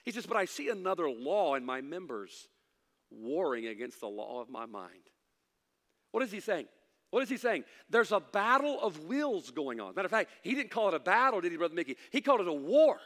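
A middle-aged man preaching a sermon as pastor, swinging from loud emphatic lines to hushed asides, with folksy humor. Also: high-pitched, sing-song, fairly quick. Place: church sanctuary. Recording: long hall reverb.

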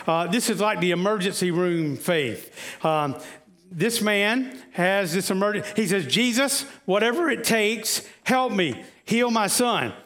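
A man's voice: sits high, fairly bright tone. A man preaching a conversational sermon, often asking the congregation questions, with frequent "uh"s and restarts.

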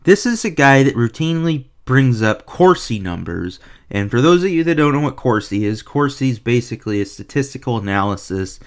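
A man's voice: sing-song, fairly quick. Profane, heated male hockey ranter. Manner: profane, heated, sarcastic ranting; swings between low mutters and loud outbursts. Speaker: hockey video reviewer. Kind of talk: ranting commentary.

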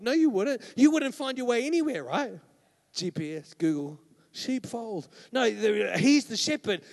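A man preaching a sermon as pastor, conversational and emphatic, often checking in with "right?". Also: high voice. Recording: long hall reverb.

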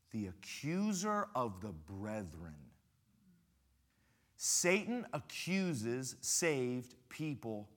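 Bright, animated male preacher. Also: mid-range voice. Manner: animated, humorous storytelling with emphatic repetition. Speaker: pastor, guest speaker. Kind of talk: sermon.

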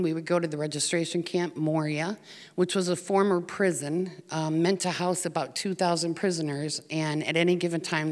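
A woman's voice: deep voice, big-room sound. An American woman telling a personal story in an earnest way, with some fillers, to a room. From United States. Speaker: speaker telling of volunteer work.

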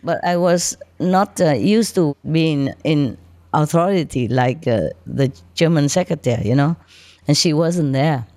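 A low-pitched woman spiritual teacher chats through stories with her disciples, laughing often. She is heard close and dry. She shows things with her hands as she talks. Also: measured pace, mellow, no echo. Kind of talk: casual storytelling talk to disciples.

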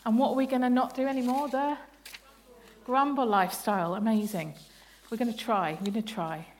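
There's a little hiss or hum behind this woman's fairly high, evenly intoned, brisk voice. She leads a playful family sermon at a church service as a bible study leader, laughing while asking the congregation questions.

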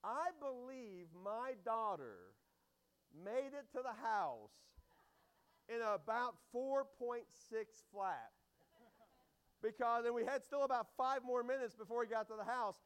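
A middle-aged man preaching to a church congregation in a high, strained voice. He talks loud and energetic, rambling through stories with frequent restarts. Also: measured pace, clean tone. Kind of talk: sermon with storytelling. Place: church hall.

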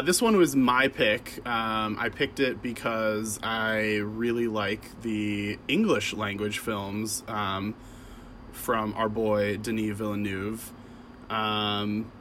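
A man's voice: on the low side, pushed and bright, a little hiss or hum. A man co-hosting a film podcast, rambling and self-deprecating with many fillers. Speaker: podcast co-host. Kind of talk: casual chat.

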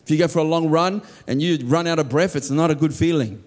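A man preaches at a quick pace, pressing his points earnestly. At times he eases into soft, low tones, praying aloud with real feeling.

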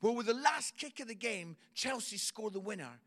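A Scottish man doing a stand-up comedy routine, telling a story in a chatty way and keeping the audience involved with quick "yeah?" check-ins. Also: high-pitched, animated, a bit bright. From Scotland.

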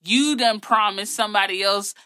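Blunt sassy woman dishing gossip, bright voice, dry close mic. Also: medium pitch, moderate pace, no room sound. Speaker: podcast co-host. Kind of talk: casual gossip chat.

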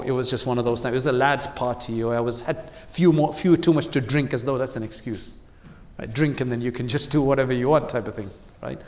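A man giving an Islamic talk in a conversational way, asking listeners questions and acting out quotes. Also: a little high. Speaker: preacher.

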